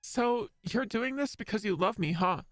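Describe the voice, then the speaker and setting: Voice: mid-range voice, animated, moderate pace, no echo, studio quality, soft background music, close to an everyday voice. A streamer voicing a brash, distrustful young man who swears a lot while reading game dialogue aloud. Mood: scornful. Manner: swearing, scornful.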